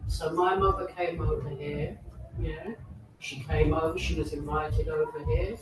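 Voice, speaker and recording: A woman in her sixties, born and raised in England, speaking up from the audience at a panel, often tagging her points with questions. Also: measured pace. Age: 60s. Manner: tag questions, lively rises in pitch. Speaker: audience member. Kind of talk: animated audience comment. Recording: echoey room, far from the mic, audible noise.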